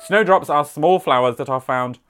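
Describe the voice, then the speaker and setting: A woman's voice: sits low, moderate pace. A woman co-hosting a casual chat, reading a local paper aloud with dry, wry asides. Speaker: podcast co-host.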